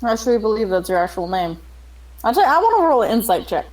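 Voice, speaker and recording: A woman's voice: fairly high pitch, sing-song, a little mellow, low-quality recording. A woman player in a tabletop role-playing game, chatting casually and playfully. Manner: playful, quick quips.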